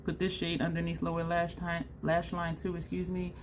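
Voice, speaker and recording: A woman vlogging a makeup tutorial in a chatty, excitable way, talking straight to her viewers. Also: fairly low pitch, moderate pace, slight background noise. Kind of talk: casual makeup tutorial chat.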